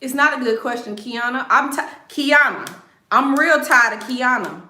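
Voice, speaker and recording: A blunt, sassy woman hosts a casual livestream of life advice, joking and laughing as she talks. Her fairly high, bright voice swings up and down a lot. Her voice rings out in a roomy, echoey space. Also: expressive, normal speed.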